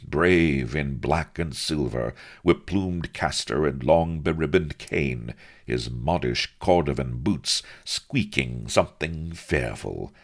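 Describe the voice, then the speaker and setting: A man narrating a comic story in a dry, wry manner. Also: rumbling low.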